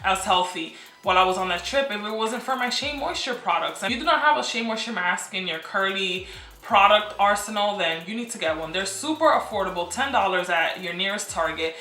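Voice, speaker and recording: A woman's voice: medium pitch, lively intonation, normal speed, bright, forceful tone, reverberant. A young woman in her twenties chatting enthusiastically to camera in a casual vlog from her apartment. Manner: chatty, enthusiastic, repeats phrases for emphasis. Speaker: beauty and lifestyle vlogger. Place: apartment room.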